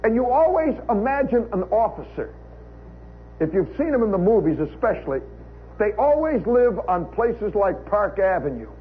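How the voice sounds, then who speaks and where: A man's voice: sits high, sing-song, normal speed. An American man telling a humorous story in a wry, conversational way, full of asides, on a live radio show. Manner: wry, conversational, with frequent "you know" asides. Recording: tinny 1960s radio broadcast recording, faint hiss.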